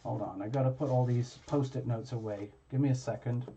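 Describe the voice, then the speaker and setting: A man hosting a live tarot reading stream, chatting casually with viewers in a halting way, full of fillers and restarts. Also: mid-range voice, fairly even intonation, mellow, dull audio, slight background noise.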